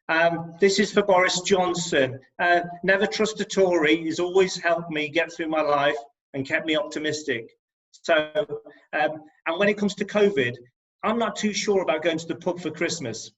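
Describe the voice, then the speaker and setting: Fairly high in pitch and fairly bright, this Englishman's Midlands-accented voice moves at normal speed as he performs rhyming poems on a video call. Between pieces the performance poet offers wry humour, all captured as dull, lo-fi audio from the call's microphone.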